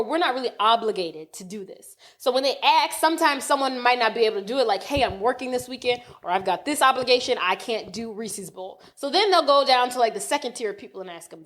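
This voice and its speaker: A woman, telling a story on a podcast in a casual, animated, profane rant. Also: a little high, fairly quick, hardly any pauses. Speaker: podcast co-host.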